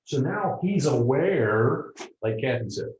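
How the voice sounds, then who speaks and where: A man giving a motivational seminar talk to a live group, animated and often checking in with the audience. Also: mid-range voice, takes it slowly, a little hiss or hum. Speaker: motivational speaker. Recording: roomy, dull lo-fi room recording.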